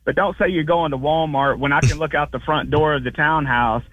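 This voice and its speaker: A man's voice: on the high side, a little fast. A man calling into a radio show, telling a story in an exasperated way. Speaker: caller. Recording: tinny phone line.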